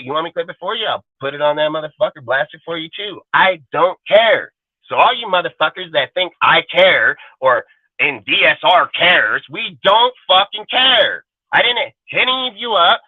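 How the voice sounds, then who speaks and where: A man's voice: high-pitched, no room sound. Guy ranting and cussing out haters on his stream, taunting, sounds thin like a phone line. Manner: profane, confrontational, taunting. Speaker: channel host. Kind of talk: angry livestream rant.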